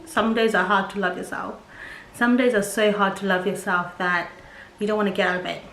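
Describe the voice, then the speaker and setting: A young adult woman, a mother vlogging at home, talking candidly and chattily in a casual style. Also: medium pitch. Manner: candid and chatty, with quoted voices. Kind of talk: casual personal vlog talk. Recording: echoey room with faint hum.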